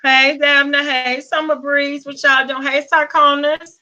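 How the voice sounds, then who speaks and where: Southern woman streamer, high bright voice, chatty with her viewers, slow easy delivery. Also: flat delivery, dull audio. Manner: greets viewers with pet names, Southern US slang. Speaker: livestream host. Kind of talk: casual live-stream chat.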